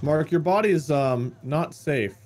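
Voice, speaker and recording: A man co-playing a game on a stream, chatting casually in a dry, hesitant way with halting restarts. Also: a little high, animated, a little mellow. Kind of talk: casual gaming chat.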